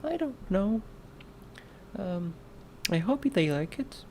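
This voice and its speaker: A man putting on the soft, halting voice of a timid four-year-old boy. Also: sits high, very animated, a little hiss or hum, voice pushed up, full character voice.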